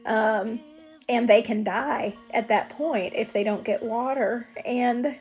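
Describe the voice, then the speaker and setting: Earnest woman sharing a testimony, high voice. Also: steady tone, takes it slowly, a little mellow, husky, soft background music. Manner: earnest, vivid storytelling. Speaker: singer-songwriter. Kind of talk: personal testimony.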